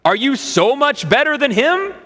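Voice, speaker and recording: An indignant, wary Samaritan woman, as a male preacher puts her on fires off sarcastic, incredulous questions. The voice sits high, and a long reverb from a large church hall trails each phrase. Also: sing-song, moderate pace, sharp tone, heavily acted. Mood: scornful.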